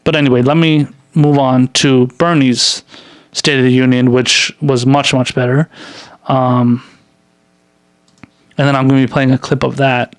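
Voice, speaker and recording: A man's voice: medium pitch, little pitch movement, unhurried, long pauses, dry recording. A man hosting a political commentary show, reading news articles aloud and rambling through sarcastic, filler-heavy commentary on them.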